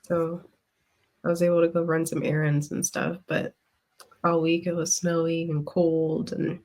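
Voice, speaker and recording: A woman's voice: sits low, flat delivery, measured pace, a little mellow. A woman co-hosting a podcast, rambling casually with frequent laughs and the odd swear. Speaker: podcast co-host. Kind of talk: casual chat.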